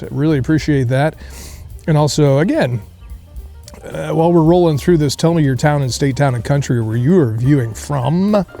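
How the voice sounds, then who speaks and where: A man's voice: on the high side, gravelly, darkish tone. A man hosting a casual beer review outdoors, rambling through jokey tasting notes with many fillers. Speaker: beer reviewer, show host. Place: outdoor beer garden on a cold day.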